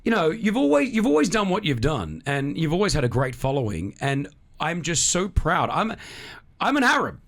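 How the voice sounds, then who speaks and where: A man with an Australian accent hosting a radio studio interview, effusive and quick to laugh. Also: on the high side. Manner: lively, effusive, laughs often. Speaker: radio host.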